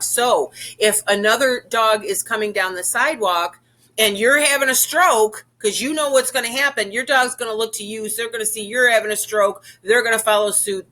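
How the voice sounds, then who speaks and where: This is informal instructional talk from a woman whose medium-pitched voice sounds bright and forceful. She chats casually about training dogs, going over her points again and again and asking "okay?" along the way.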